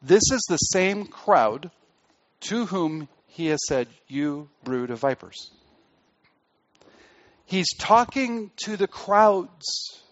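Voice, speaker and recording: A man preaching a sermon as pastor, pressing hard on key words and then dropping his voice low and quiet. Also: lively intonation, slow, long pauses, muffled recording.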